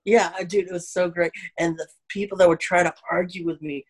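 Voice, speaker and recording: This comedian, an Arkansas man with a Southern accent, has a high voice and talks a little fast. His casual storytelling is animated, and he acts out whoever he's quoting.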